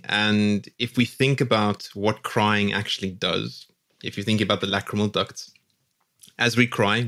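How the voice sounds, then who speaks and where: A man speaks as a psychologist guest on a podcast. His voice is somewhat low for a man. He explains things calmly and deliberately, building each point step by step. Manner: calm, measured, explanatory. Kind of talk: podcast interview answer.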